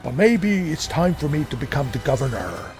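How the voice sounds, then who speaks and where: A man doing an impression of a boastful, gruff middle-aged former wrestler turned governor, taunting and challenging. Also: fairly high pitch, very animated, moderate pace, a little mellow, faint music behind, pitched above the performer's own voice. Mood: boasting.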